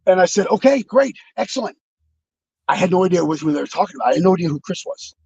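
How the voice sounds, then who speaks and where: High, gravelly man telling stories. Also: steady tone, rapid-fire, darkish tone, dry recording, lo-fi sound. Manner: rambling, reflective, many fillers and restarts. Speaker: interview guest, former wrestler. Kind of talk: casual storytelling.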